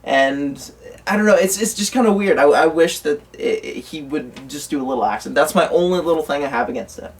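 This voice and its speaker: Chatty man with a slightly high voice, off-mic. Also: fairly quick, recorded from a distance. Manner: rambling, many fillers and restarts. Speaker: co-host. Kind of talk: casual chat about movie news. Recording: voice from away from the mic.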